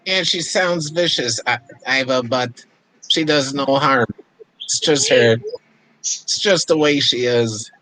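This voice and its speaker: A man in a casual live chat, telling relaxed stories. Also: medium pitch, takes it slowly, rough recording. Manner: relaxed storytelling about his cat.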